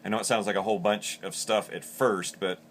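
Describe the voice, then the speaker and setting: A man's voice: lowish voice, steady tone, brisk, slight background noise. A man teaching in a plain, practical way, explaining step by step and repeating words as he goes. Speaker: call maker instructor. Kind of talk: instructional demonstration.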